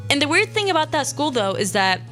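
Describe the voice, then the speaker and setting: Young woman, high bright voice, chatty radio host, faint music behind. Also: sing-song. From Syria. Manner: chatty, quick asides and quoted voices. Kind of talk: casual storytelling monologue.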